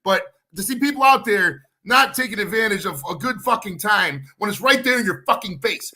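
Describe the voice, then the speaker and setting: An American man hosting a live stream podcast, ranting in casual profane chat and shouting when worked up. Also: sits high, animated, brisk, few pauses. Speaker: podcast host.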